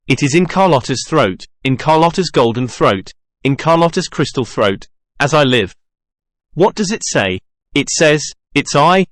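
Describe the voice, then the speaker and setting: Menacing masked genius with a lively, swooping delivery as a male reader does him, for a storybook reading. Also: fairly high pitch, dry recording, clean studio sound. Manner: theatrical, wheedling then boastful.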